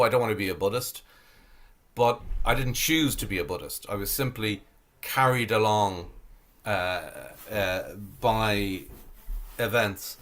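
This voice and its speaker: A middle-aged Zen priest from Ireland speaking reflectively over a video call, with many fillers and restarts. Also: male voice, lowish voice, fairly bright tone.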